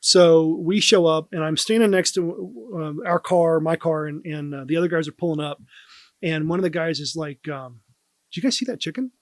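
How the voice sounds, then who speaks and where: Man, raised voice, dry close sound, animated anecdote, laughing at times. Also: a little high, moderate pace, dry recording. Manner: animated, laughs while telling. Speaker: guest, former police officer. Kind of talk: casual storytelling.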